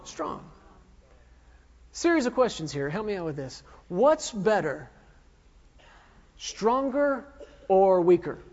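A man's voice: high voice, sing-song, slow, long pauses, a little mellow. A man in his thirties preaching a sermon, firing emphatic questions at the congregation. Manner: emphatic call-and-response questioning. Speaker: pastor. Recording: dull lo-fi recording with long hall reverb.

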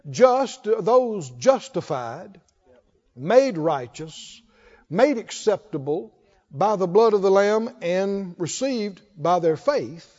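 A man's voice: high voice, darkish tone. A man preaching a sermon, repeating key phrases and calling on the congregation to say them with him. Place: church hall. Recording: dull echoey church recording.

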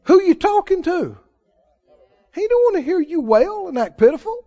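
A man preaching a sermon in an animated style, mimicking wailing prayers to make his point. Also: very high-pitched, moderate pace. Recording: muffled lo-fi sermon recording.

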